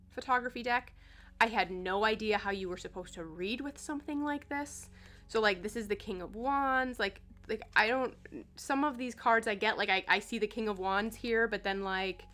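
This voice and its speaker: Bright-voiced woman chatting casually. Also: a little high. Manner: chatty, filler-heavy with frequent "like" and "um". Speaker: tarot content creator. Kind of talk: casual chat.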